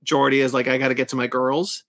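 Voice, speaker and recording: A man's voice: mid-range voice, little pitch movement, quick pace, fairly bright tone. A man hosting a podcast, chatting casually and with strong opinions, full of fillers and restarts. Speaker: podcast host. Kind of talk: casual review chat.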